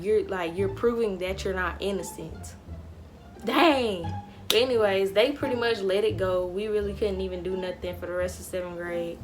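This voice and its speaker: A young woman tells a storytime to her camera, casual and slangy. She throws herself into acting out the voices of the people in the story. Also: mid-range voice. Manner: animated storytelling, slangy, acts out dialogue. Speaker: vlogger.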